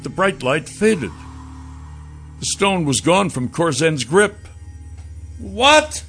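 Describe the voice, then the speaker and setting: A male narrator reads a first-person fantasy story in a dramatic, expressive way, taking his time. His tone is bright and clear at a middle pitch, and soft music plays under him. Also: slow. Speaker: audiobook narrator.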